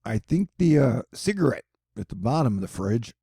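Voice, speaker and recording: A man's voice: mid-range voice, big pitch swings, normal speed, gravelly, warm tone, slightly rough, no room sound, clean studio sound. A young man rambling sarcastically in a casual vlog from his apartment. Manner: rambling, sarcastic, self-mocking. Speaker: vlogger.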